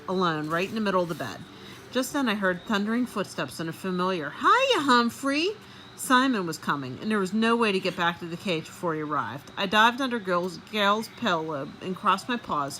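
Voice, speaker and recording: A woman reading a children's book aloud in an expressive, animated way. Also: fairly low pitch, fairly quick, a little hiss or hum, poor audio. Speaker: storybook reader.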